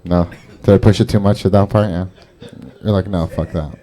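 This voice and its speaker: A man's voice: low voice, flat delivery, brisk, dark tone. A man doing open mic stand-up, rambling and profane, laughing at his own jokes. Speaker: stand-up comedian. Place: comedy club stage.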